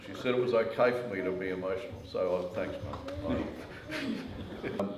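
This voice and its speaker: Man, lower register, casual storyteller, hesitant; roomy, noisy recording. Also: recorded from a distance. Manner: hesitant, halting with fillers. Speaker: family member telling memories.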